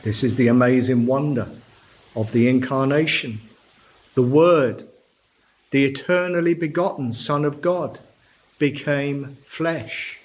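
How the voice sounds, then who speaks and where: A man preaching a sermon from a church pulpit, slow and deliberate, stressing key words. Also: mid-range voice.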